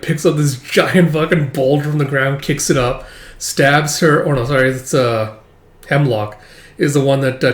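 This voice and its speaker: A man casually recapping a manga chapter, rambling and swearing, with lots of fillers. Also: mid-range voice. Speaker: manga reader and commentator. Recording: roomy echo.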